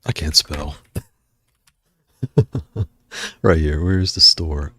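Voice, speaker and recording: A man's voice: a bass voice, steady tone, extremely slow, pushed and bright, husky, no room sound. A man hosting a casual livestream, out of breath and chatting in a rambling way while he browses. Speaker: livestream host.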